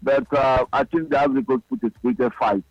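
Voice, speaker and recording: A man's voice: medium pitch, very animated, brisk. A man calling into a sports radio show, boastful and playful with a sing-song delivery. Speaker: radio caller. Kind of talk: casual call-in chat. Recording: dull, dry phone-in line.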